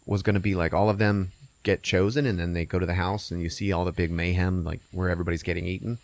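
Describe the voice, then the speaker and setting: Low voiced guy rambling through a movie plot, swearing a lot, dry podcast mic. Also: fast, no echo. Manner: animated, profane, laughs often. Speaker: podcast host. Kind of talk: casual movie recap.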